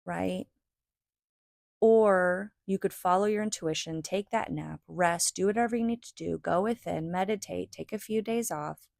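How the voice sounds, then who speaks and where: A woman's voice: fairly low pitch, a little slow, gravelly, a little mellow, no room sound, clean studio sound. A woman in her thirties hosting a solo podcast, talking in an earnest, chatty way about spirituality and rest, often tagging her sentences with "right?". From United States. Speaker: podcast host. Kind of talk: reflective solo talk on spirituality.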